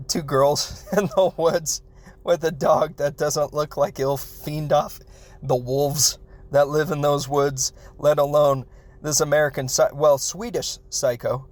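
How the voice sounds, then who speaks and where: A man's voice: on the high side, steady tone, slow pace, darkish tone. A man hosting a podcast, recapping a film in a rambling, self-interrupting way and laughing as he talks. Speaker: podcast host reviewing a film. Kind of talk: casual comedic film recap.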